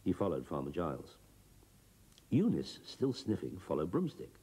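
A man giving a scripted children's storybook narration, expressive and bouncing between character voices. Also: deep voice, moderate pace, breathy edge.

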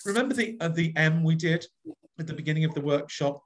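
A man's voice: a little high, fast talker. A man leading an online voice workshop over a video call, coaxing the group and acting out each phrase with big, exaggerated expression. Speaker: voice workshop leader.

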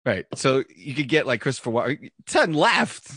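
A man's voice: medium pitch, very animated, moderate pace, fairly bright tone, slightly rough, dry recording, clean studio sound. A man hosting a podcast, telling wry stories in casual banter. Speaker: podcast host.

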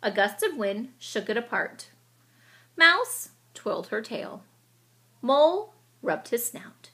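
A woman reads a children's picture book aloud, telling the story expressively and sometimes pausing to explain it. Her voice is a little high and her pace slow.

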